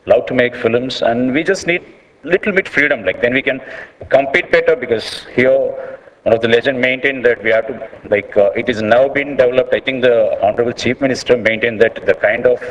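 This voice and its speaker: A man's voice: medium pitch, slight background noise. A man with an Indian English accent speaking earnestly at a panel session, repeating words, restarting sentences and leaning on "like". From South India. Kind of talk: unscripted public speech. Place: conference hall. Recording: long reverb of a large hall.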